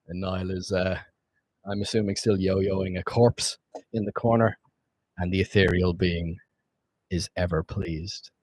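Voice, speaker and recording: Low-voiced man chatting on a stream. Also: fairly even intonation, measured pace, darkish tone, slightly rough, no room sound. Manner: loose and rambling, swears often. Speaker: streamer and game master. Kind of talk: casual live-stream chat.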